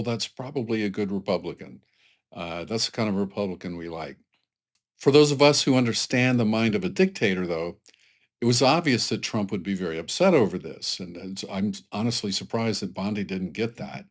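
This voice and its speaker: A man giving casual political commentary, emphatic and sarcastic, rambling with frequent restarts. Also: lowish voice.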